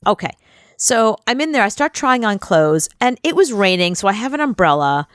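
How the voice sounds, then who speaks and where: A woman's voice: mid-range voice, moderate pace, clear, resonant tone, no room sound, studio quality. Chatty woman telling a rambling story. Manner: animated, rambling anecdote with quoted voices. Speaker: radio co-host. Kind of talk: casual storytelling chat.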